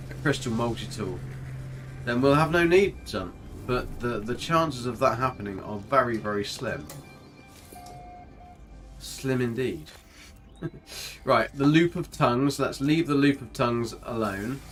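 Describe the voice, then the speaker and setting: A chatty, jokey man, live-streaming a game, his mid-pitched voice easy and rambling as he reacts to his chat. Faint music plays behind him. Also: fairly bright tone. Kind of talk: casual live-stream commentary.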